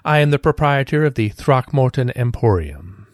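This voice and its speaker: A man's voice: mid-range voice, sing-song, no room sound, clean studio sound, natural voice. A man putting on a pompous rich shopkeeper. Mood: haughty. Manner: haughty, drawn-out, self-important. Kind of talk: tabletop role-play.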